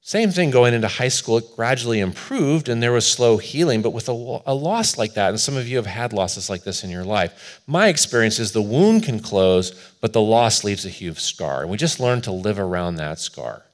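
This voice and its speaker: A male pastor delivering a sermon in a lowish voice. He speaks earnestly, weaving personal story into preaching. His delivery swells and then drops to quiet, hushed stretches. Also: very animated, normal speed, hardly any pauses.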